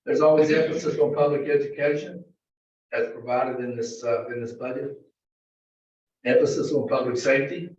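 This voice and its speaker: A man presenting a county budget to a board in a halting, filler-heavy way, recorded in a meeting room. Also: mid-range voice, darkish tone. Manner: halting, many fillers and restarts. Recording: distant, very echoey, dull meeting-room audio.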